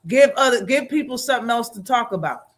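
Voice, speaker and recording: A man's voice: very high voice, animated, quick pace, a loud crowd. A man hosting a live boxing talk stream, reacting casually with slang and frequent laughter.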